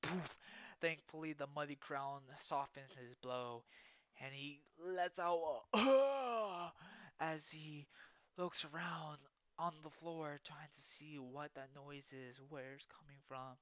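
Bright-voiced amateur storyteller. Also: medium pitch, flat delivery, measured pace, smooth. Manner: spoken sound effects and frequent restarts. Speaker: podcast host and storyteller. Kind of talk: improvised storytelling narration.

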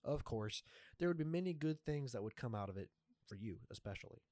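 Man voicing a calm cryptic jaguar spirit, slow sultry voice, storybook, dry close sound. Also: mid-range voice, no room sound, natural voice. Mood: solemn. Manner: slow, deliberate and soft-spoken.

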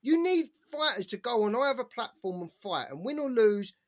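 A man's voice: very high voice, big pitch swings, normal speed. Man ranting, swearing freely. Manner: heated ranting, heavy swearing. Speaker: podcast co-host. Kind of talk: casual sports chat.

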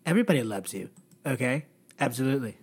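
A man's voice: medium pitch, lively intonation, fast, creaky, slightly rough, pitched below the performer's own voice. A man doing an impression of a boastful male president who brags about his lying. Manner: boastful, repeating "okay", hushed.

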